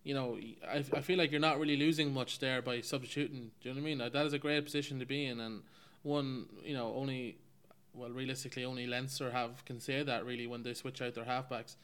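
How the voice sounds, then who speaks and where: A man's voice: medium pitch, fairly even intonation, fast, fairly bright tone, clean tone. A man leading a casual rugby chat, enthusiastic and asking questions.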